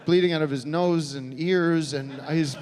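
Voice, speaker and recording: An American man doing a stand-up comedy set on a theater stage, talking in a halting, deadpan way full of restarts. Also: fairly high pitch. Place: theater stage before a live audience. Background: audience laughter.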